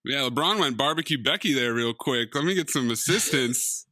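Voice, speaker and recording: A man's voice: mid-range voice, lively intonation, normal speed, bright, forceful tone, dry recording, studio quality. A man co-hosting a casual movie podcast, firing off wisecracking one-liners. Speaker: podcast co-host.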